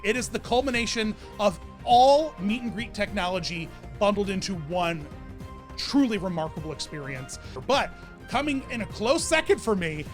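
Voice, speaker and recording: A man's voice: high-pitched, fairly bright tone. A man vlogging about theme park characters, talking casually and gushing with enthusiasm. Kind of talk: casual ranking commentary.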